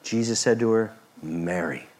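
A man preaching a sermon, expressive, moving between loud emphasis and soft, hushed passages. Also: medium pitch, unhurried. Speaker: pastor.

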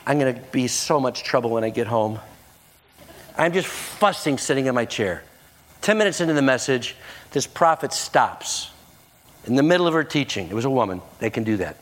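A man's voice: mid-range voice, moderate pace. A middle-aged man preaching a sermon, telling a story and acting out the people in it. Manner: animated, acts out the people in his story.

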